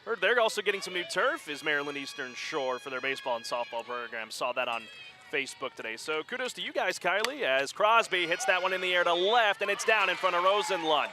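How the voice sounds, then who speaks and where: A man calling a high school softball game play-by-play, getting quick and excited during close plays. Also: background noise. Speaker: play-by-play announcer. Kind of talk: live sports commentary.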